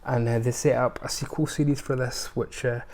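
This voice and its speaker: A man's voice: mid-range voice, fairly even intonation, normal speed, a little mellow. A man giving a casual, rambling review of his film purchases, with many ums and restarts. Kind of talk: casual unscripted haul review.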